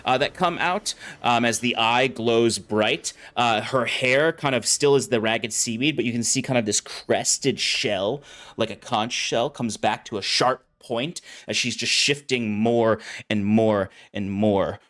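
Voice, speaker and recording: A man's voice: mid-range voice, measured pace, fairly bright tone. A man narrating as game master of a tabletop game, describing scenes casually with many fillers.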